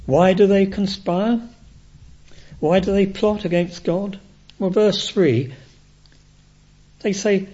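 A man preaching a sermon in a measured, emphatic way. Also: sits high, warm tone, breathy edge. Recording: dull lo-fi recording.

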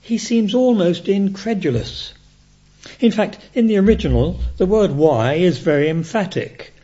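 A man preaching a sermon in a measured, emphatic way. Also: high-pitched, animated, mellow, slightly rough. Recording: dull lo-fi recording.

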